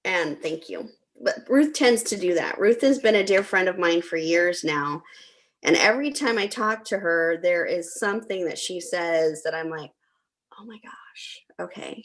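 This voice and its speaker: A middle-aged woman hosting a talk, telling a personal story in a chatty way with frequent ums. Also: lowish voice. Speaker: host.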